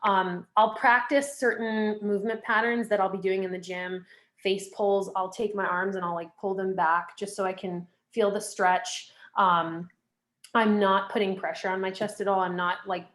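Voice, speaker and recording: A young woman guest on a podcast, talking casually with lots of fillers and giving direct advice. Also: medium pitch. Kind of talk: casual interview chat.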